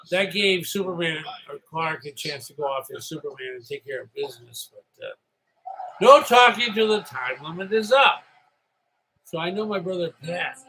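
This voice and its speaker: A man's voice: fairly high pitch, sharp tone, slight background noise, rough recording. A middle-aged man from upstate New York hosting a solo live stream, rambling and chatty after a few drinks. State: slightly tipsy.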